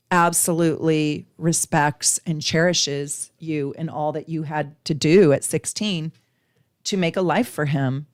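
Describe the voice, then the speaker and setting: Effusive woman astrologer with a lowish voice. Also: no room sound, clean studio sound. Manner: effusive, chatty, laughs often. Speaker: astrologer giving live chart readings. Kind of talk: live-stream casual chat.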